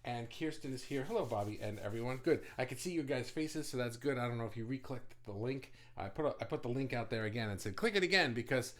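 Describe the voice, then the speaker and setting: A man hosting a casual livestream, chatty and rambling, with many restarts, talking fast and swearing now and then. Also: medium pitch. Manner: talks fast. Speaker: livestream host.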